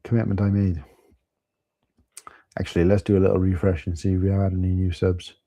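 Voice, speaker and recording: A man's voice: sits low, flat delivery, brisk, warm tone, no echo. A man with a Welsh accent, chatting casually with viewers as host of a live stream, calling them mate.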